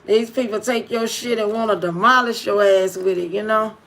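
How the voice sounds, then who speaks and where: A woman's voice: medium pitch, fairly even intonation, normal speed, fairly bright tone, slight background noise. A woman hosting a casual livestream from home, talking in a laid-back, confiding, slangy way and greeting viewers by name. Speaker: livestream host. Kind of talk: casual live-stream chat with viewers.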